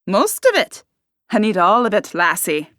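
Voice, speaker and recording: A woman voicing a grizzled older Scottish man, a gruff bargaining smuggler, with a Scottish accent. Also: medium pitch, huge pitch swings, normal speed, fairly bright tone, no room sound, clean studio sound. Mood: indignant.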